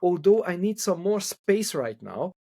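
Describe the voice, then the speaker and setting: A man's voice: high-pitched, sing-song, measured pace, gravelly, dark tone, dry recording. A man from Hungary who speaks English as a second language, a couple therapist talking thoughtfully in a podcast interview and repeating words as he searches for them.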